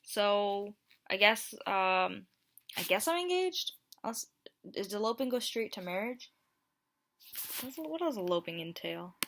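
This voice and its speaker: A woman in her twenties, a YouTuber, reads dating-app messages aloud in a playful, self-mocking vlog of casual commentary. Her mid-range voice swings widely in pitch, unhurried, slightly bright, with frequent pauses. It's recorded on a home mic with plain audio quality.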